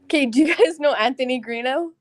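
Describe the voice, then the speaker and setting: A woman's voice: high-pitched, fast talker, a crowd in the background. A drunk woman chatting on a live call, loose and stumbling over her words with giggles. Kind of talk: casual chat on a live call.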